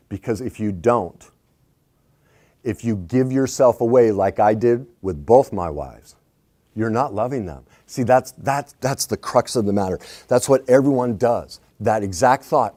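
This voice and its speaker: A middle-aged man coaching on relationships, swinging between hushed reflection and loud emphatic points. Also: on the low side, moderate pace. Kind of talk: animated advice talk.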